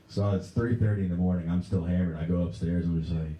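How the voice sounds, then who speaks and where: A young man from Pennsylvania doing a stand-up routine in a Pennsylvania accent, telling stories deadpan and breaking into raised voices for other people. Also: low-pitched, very fast, few pauses, distant mic, lo-fi sound. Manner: deadpan storytelling, acts out characters in raised voices. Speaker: stand-up comedian. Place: movie theater stage. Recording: echoey room.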